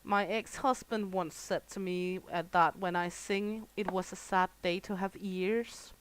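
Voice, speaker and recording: A middle-aged Danish woman from Denmark live-streams a store game, chatting casually with her audience, swearing freely, and laughing often. Her mid-range voice is steady, clear, resonant, and a little slow, though the audio is poor.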